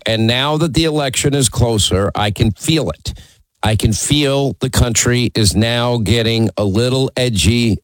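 A man's voice: medium pitch, dry recording, poor audio. A man hosting a call-in talk radio show, speaking emphatically and teasing callers.

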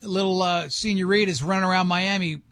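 Older guy hosting radio, high voice, dry close sound, rambles and jokes around. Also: fairly even intonation, brisk, fairly bright tone, no room sound. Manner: rambling, jokey storytelling. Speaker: radio show host. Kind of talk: casual banter.

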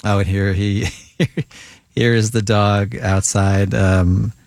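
A man's voice: fairly low pitch, level tone, slow, vocal fry, a little mellow, no room sound. A man co-hosting a morning radio show, reading out quirky news bits in a playful, wry way. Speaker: radio co-host.

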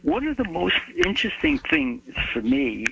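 A man's voice: very high-pitched, moderate pace, creaky. An older American man telling stories in an interview, acting out the people he quotes. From United States. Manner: animated storyteller, acts out the people he quotes. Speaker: guest. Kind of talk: storytelling interview. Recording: dull muffled recording with faint hum.

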